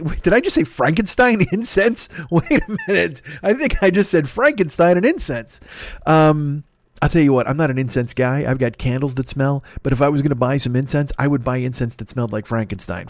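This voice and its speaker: Casting: swearing, self-deprecating comic host in his forties, slightly higher voice, talking in a dry room. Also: dry recording. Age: 40s. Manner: profane, self-mocking, digressive. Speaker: podcast host. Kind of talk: rambling comedic monologue.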